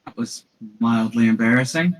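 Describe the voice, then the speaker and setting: A man's voice: mid-range voice, normal speed, recorded from a distance, poor audio. A man playing in a tabletop game on a live stream, sheepish and apologetic as he explains his moves. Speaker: player.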